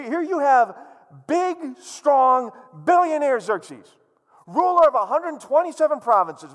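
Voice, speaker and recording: Animated, theatrical male preacher. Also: extremely high pitch, long reverb tail. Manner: animated, joking, theatrical storytelling. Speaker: pastor. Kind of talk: sermon. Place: church hall, live-streamed.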